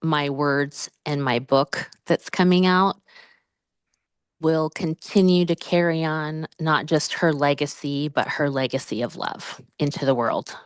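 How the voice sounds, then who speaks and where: Slow, smooth low-voiced woman guest. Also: no echo. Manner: slow, heartfelt, with frequent ums. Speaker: guest, author and speaker. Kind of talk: casual interview talk.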